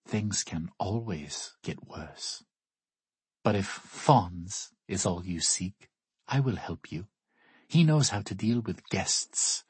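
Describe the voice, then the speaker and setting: A man doing a hushed, solemn child. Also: sits low, lively intonation, slightly rough, dry recording, exaggerated voice. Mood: grave. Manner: slow, hushed, ominous. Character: solemn mysterious child of a virtual world.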